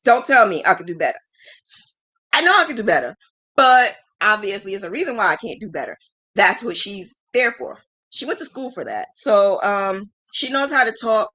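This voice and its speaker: A woman's voice: mid-range voice, very animated, normal speed, pushed and bright. A woman in her thirties hosting a livestream in casual chat. She rambles frankly, often laughs, and pokes fun at herself. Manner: frank and self-deprecating. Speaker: livestream host.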